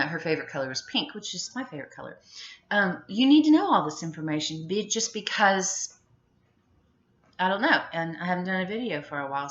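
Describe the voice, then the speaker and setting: In a muffled recording from an echoey room, a middle-aged vlogger delivers a meandering, chatty monologue. Her voice is low and sharp, and she fills it with giggles and filler words.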